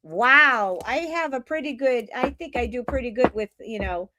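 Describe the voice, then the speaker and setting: A woman's voice: a little high, expressive, normal speed, noisy background. A woman with a Boston accent giving an upbeat, emphatic spiritual tarot reading to her viewers. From Boston area. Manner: emphatic, exclamatory, upbeat preaching tone. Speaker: tarot reader.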